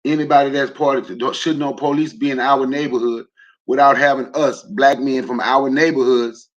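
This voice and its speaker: A man's voice: medium pitch, fairly even intonation, normal speed, dull audio. A man hosting a casual livestream. He talks loosely to his audience, throws in jokes and questions, and rallies his listeners with emphatic repeated lines. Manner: emphatic, rallying. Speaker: livestream host. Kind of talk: casual livestream talk to a chat.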